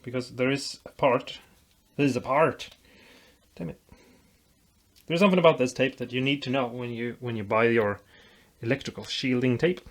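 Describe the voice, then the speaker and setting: A man's voice: medium pitch, moderate pace, pauses often. Rambling, joking man building a guitar. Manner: rambling, joking, self-deprecating, mumbles while working. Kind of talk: casual workshop tutorial chat.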